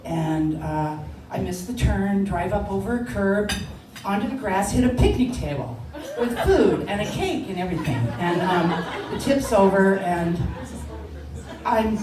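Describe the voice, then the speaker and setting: An older woman telling a personal story, animated and laughing, acting out the voices of others. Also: mid-range voice, a little slow. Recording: echoey room, distant mic, noisy.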